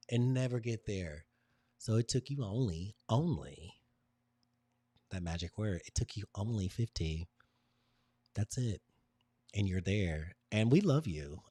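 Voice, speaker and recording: A man hosting a live workshop, leading a group through emphatic, repetitive motivational affirmations with emotional pauses. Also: on the low side, warm tone, no room sound. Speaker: host and design workshop leader.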